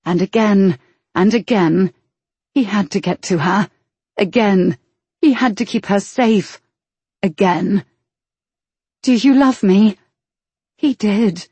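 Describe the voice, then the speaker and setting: A woman narrating an audiobook novel in a measured, expressive way. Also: medium pitch, husky, no echo. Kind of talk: scripted narration.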